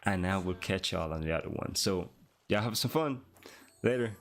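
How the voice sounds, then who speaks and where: A man's voice: low voice, expressive, moderate pace. A man hosting a coding livestream, chatting casually and thinking aloud to his viewers. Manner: laid-back, thinking aloud to chat. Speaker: livestream host, programmer. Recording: faint background music.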